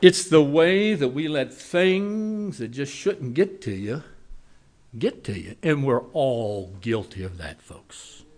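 Folksy guy preaching, mid pitch, homespun stories, goes loud then real quiet. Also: expressive, slow pace. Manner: folksy storytelling, swinging between loud and quiet. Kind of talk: sermon.

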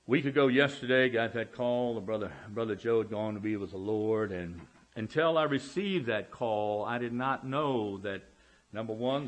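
A man preaching a sermon as pastor in a church, emphatic and drawing out key words, calling out for amens. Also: medium pitch. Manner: emphatic, slow drawn-out words, calls out for amens. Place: church sanctuary.

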